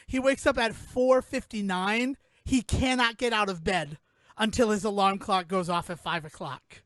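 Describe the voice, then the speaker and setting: A man hosting a casual comedic film recap, animatedly retelling scenes and acting out characters in lowered voices. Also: a bit bright, dry recording. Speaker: podcast host recapping a film.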